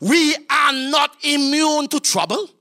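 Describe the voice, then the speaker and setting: A man preaching a fervent sermon as pastor, in a sing-song, shouting style with frequent fillers and repeated words. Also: very high voice, expressive, takes it slowly.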